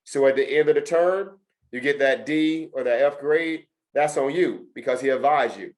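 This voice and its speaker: Leading a test prep class, this middle-aged man lectures his students in a mid-range voice at a moderate pace. He stresses things emphatically and keeps going back over the main points.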